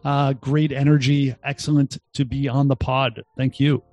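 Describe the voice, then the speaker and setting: A man's voice: mid-range voice, flat delivery, moderate pace, a little mellow, soft background music. A man in his fifties with a Boston accent, a guest entrepreneur telling his story with big energy, jokes and acted-out quotes. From Boston, USA. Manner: exuberant, jokey, acts out quotes in voices. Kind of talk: animated storytelling interview.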